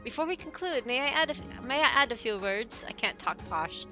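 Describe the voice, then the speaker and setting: A woman's voice: fairly high pitch, animated, a little fast, over music, natural voice. A woman reading a refined noblewoman's lines in a weak attempt at a posh accent. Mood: formal.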